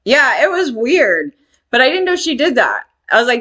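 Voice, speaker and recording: A woman's voice: a little high, lively intonation, moderate pace, pushed and bright. A woman telling a candid personal story in a rambling, emphatic way, swearing freely.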